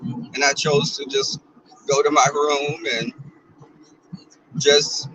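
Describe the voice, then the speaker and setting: A Southern US man in his twenties, streaming live as a vlogger while driving, chats sassily and jokes with his viewers. His voice is a little high, monotone and slow, with a bright, forceful tone. The rough recording has a slight hiss or hum.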